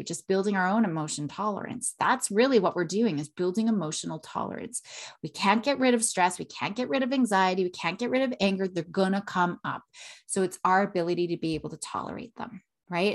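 A woman in her thirties hosting a solo parenting podcast, earnest, with a habit of tagging "right?" onto her points. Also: mid-range voice. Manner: earnest, repeats "right?" often.

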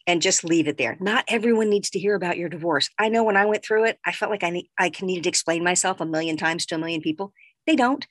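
A woman's voice: on the low side, fast, no echo. A woman giving motivational advice in a direct, conversational way, speaking straight to the listener. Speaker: self-help speaker.

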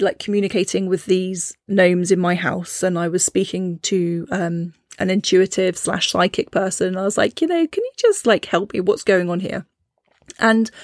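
A woman's voice: medium pitch, no room sound. Chatty woman, dry close sound. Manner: rambling, chatty, many fillers and laughs. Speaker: podcast host. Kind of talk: casual spiritual talk.

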